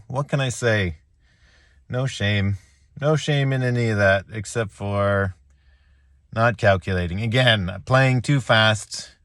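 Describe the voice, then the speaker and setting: A man talking to his viewers after a lost chess game, joking at his own expense with halting restarts and small laughs. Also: mid-range voice, fairly bright tone, no room sound, clean studio sound. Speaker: chess vlogger. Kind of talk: rambling self-deprecating reflection.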